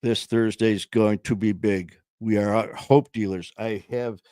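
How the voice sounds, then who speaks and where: A man with a lowish voice tells a story to his viewers in an earnest, rambling way, stopping and restarting often. He is hosting a sobriety support livestream from a small home studio. The sound is close and dry, with no room echo. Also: steady tone, a little slow, dark tone.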